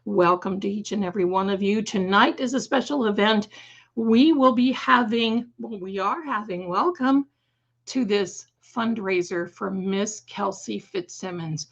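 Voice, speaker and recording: Slightly hoarse woman hosting a stream, slow and chatty, kinda dull lo-fi sound. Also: mid-range voice. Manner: chatty, fond, calls viewers "my darlings". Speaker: livestream host. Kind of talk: casual livestream chat.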